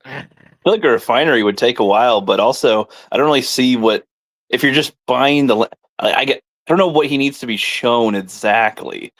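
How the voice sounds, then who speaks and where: A man's voice: medium pitch, fairly quick, fairly bright tone, dry recording. Mid voiced guy rambling and laughing about a comic, dry sound. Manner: laughs often, rambling, hesitant restarts. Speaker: podcast co-host. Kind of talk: casual comic review chat.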